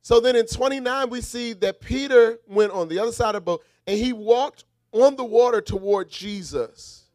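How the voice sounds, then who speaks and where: High-voiced man preaching a sermon. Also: normal speed, hardly any pauses, dry recording, studio quality. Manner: rhythmic call-and-response preaching, swings from shouted refrains to quiet asides.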